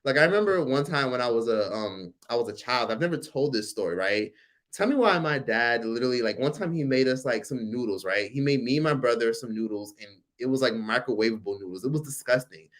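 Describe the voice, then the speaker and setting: Animated, profane man telling a story. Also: mid-range voice, brisk. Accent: American. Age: 40s. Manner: animated storytelling, frequent profanity, reads chat aloud. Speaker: livestream host. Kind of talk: casual livestream chat.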